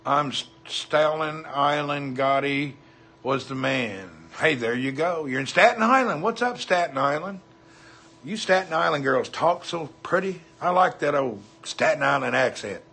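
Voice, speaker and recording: A man's voice: a little high, a little slow, sharp tone, breathy edge. A man with a Southern US accent, chatting casually on a livestream, reading viewer comments and greeting people by name in a folksy way. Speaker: livestream host.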